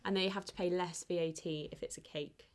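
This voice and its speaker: A woman's voice: on the low side, fairly even intonation, darkish tone. This woman hosts a quiz in a casual, conversational way. She runs through the answers with chatty, teasing remarks to her co-host. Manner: chatty, teasing, quick asides.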